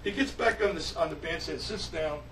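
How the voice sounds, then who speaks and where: Older-style storyteller: man with a high voice, animated anecdote, distant roomy mic. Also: a little fast. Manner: animated, repeats himself, laughs as he tells it. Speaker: musician telling a story. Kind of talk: casual anecdote. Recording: roomy, distant, faint hiss.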